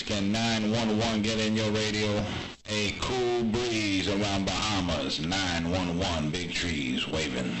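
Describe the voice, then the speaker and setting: A man with a low, easy voice calls out over his CB base station in drawn-out trucker slang, repeating handles in an unhurried sing-song way. The room is echoey and loud music plays behind him. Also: fairly even intonation. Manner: drawn-out, laid-back repetitive call-outs. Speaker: CB radio video channel host. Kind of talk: casual CB radio chat with trucker slang.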